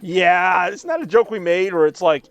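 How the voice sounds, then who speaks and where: A man's voice: high voice, animated, normal speed, dry recording, soft background music. A man in his thirties streaming a game and chatting casually, rambling with lots of fillers. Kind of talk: casual chat while gaming.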